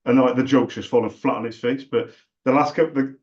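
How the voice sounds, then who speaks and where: A man's voice: medium pitch, steady tone, brisk, a little mellow, slightly rough, dull audio. Chatty, jokey salesman on a call. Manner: chatty, jokey and self-deprecating. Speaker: salesman making a cold call. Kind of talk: friendly sales phone call.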